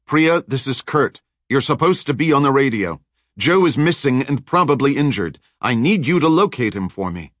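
A man's voice: medium pitch, lively intonation, normal speed, a bit bright, dry recording, studio quality, pitched above the performer's own voice. A male audiobook narrator voicing a determined male hero who calls urgently over a radio. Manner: urgent, raised and pressing.

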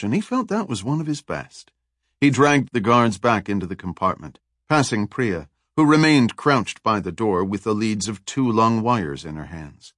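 A man narrating a thriller audiobook in a steady, even reading. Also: lowish voice, no echo, studio quality.

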